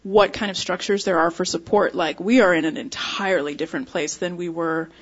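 A woman's voice: on the low side, fairly even intonation, a little fast, breathy edge, muffled recording. A woman musician interviewed on the radio, speaking earnestly and animatedly and laughing often. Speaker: musician, guest.

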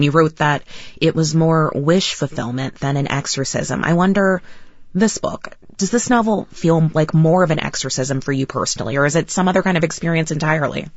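Measured woman radio host, dry sound. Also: low voice, breathy edge, no room sound. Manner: measured, thoughtful questioning. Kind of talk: scripted radio introduction and interview questions. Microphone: studio mic, dry. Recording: slightly dull lo-fi broadcast sound.

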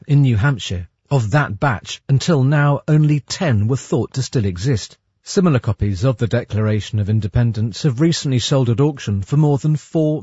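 Man reporter voice-over, steady authoritative read, mellow and kind of dull sounding. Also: mid-range voice, breathy edge, no echo. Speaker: news reporter. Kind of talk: scripted news package narration.

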